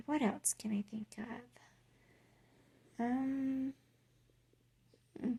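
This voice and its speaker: A woman talking casually to camera in a personal vlog, pausing often with ums and restarts, earnest and a little tired. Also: medium pitch, creaky, a little mellow. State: tired, unwell. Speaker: vlogger.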